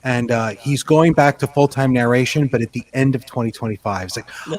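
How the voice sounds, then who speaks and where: A man in his fifties hosts a loose podcast chat. His voice sits at an ordinary middle pitch, and he often stops and restarts his sentences as he talks. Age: 50s. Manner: halting, with frequent restarts and fillers. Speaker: podcast host and author. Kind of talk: casual chat.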